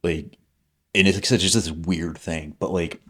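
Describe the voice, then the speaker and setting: Man in his 40s, very low voice, loose rambling storyteller who swears a lot. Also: fairly even intonation, measured pace, sharp tone, husky. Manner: rambling, leans on "like" fillers, swears freely. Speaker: podcast guest, military veteran. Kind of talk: casual conversational storytelling.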